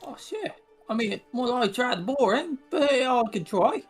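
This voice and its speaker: A woman's voice: on the high side, expressive, a little slow, breathy edge, soft background music. A woman playing a tabletop role-playing game, making playful, wry asides. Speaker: player. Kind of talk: casual tabletop game chat.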